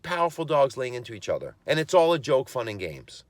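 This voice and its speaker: A man's voice: medium pitch, big pitch swings, brisk, hardly any pauses, dry recording. A man who trains dogs, hosting his own podcast and delivering a blunt, impassioned monologue. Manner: impassioned ranting, blunt and emphatic. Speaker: podcast host and dog trainer.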